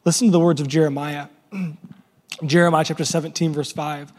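This pastor's voice is fairly high with a darkish tone, and he speaks fairly quickly in a flat delivery. He preaches with passion, repeating words and building toward crescendos. Long reverb from a large hall and faint music can be heard.

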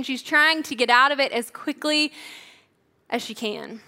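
Young woman preaching, kinda chatty, says like a lot, bright higher voice. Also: normal speed. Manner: casual, chatty, says "like" often. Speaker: church leader preaching. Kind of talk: conversational sermon.

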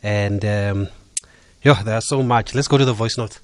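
A South African man hosting a radio talk show, asking questions and briskly reading out listener messages. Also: on the low side, slight background noise.

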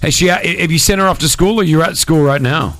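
A man hosting a breakfast radio show, teasing a caller and running a quick quiz. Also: fairly high pitch, fairly bright tone, faint music behind.

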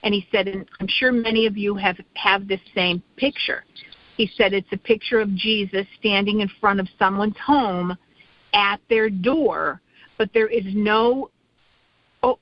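A middle-aged woman chats on a radio talk show, circling back and restarting as she tells a story. Her voice sits at a middling pitch. The recording is dry and a little muffled. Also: fairly even intonation, unhurried, no room sound. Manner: rambling storyteller with many restarts. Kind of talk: casual chat.

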